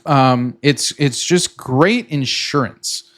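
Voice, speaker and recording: A middle-aged trading content creator with a medium-pitched, fairly bright voice explains a tech tool slowly and casually, including a sponsor pitch. He's chatty and rambling, repeats himself, restarts often, and acts out his own panicked reactions.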